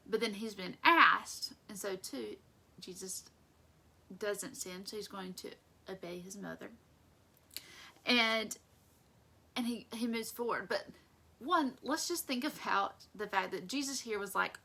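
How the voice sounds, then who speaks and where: A young woman leads a casual Bible study and keeps it chatty and conversational. Her voice is bright with a gravelly, creaky edge. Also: medium pitch, normal speed.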